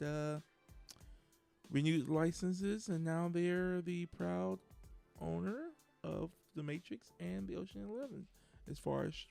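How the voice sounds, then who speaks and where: A man with a strongly gravelly, fry-heavy voice chats through the day's entertainment headlines. He stops often to search his notes and fills the gaps with hesitations. Faint music runs underneath. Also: on the high side. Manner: reads headlines haltingly with many fillers. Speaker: podcast co-host. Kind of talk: casual news chat.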